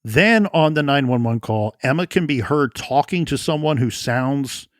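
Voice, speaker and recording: Earnest guy on a true crime podcast, thinks out loud, dry close mic. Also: medium pitch, animated, a little slow, dry recording. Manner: earnest, repeats words while thinking aloud. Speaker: podcast co-host.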